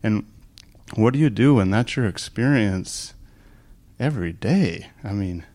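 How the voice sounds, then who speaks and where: A man telling a personal story in a meditation group, soft-spoken and halting, and at times emotional. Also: lowish voice, animated. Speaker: group participant sharing a story.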